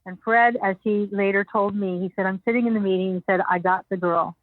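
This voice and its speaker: Older woman guest, animated storyteller, dry narrow phone-like sound. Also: medium pitch, a little fast, dry recording. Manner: animated anecdotes, acting out others' lines with laughs. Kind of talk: storytelling interview.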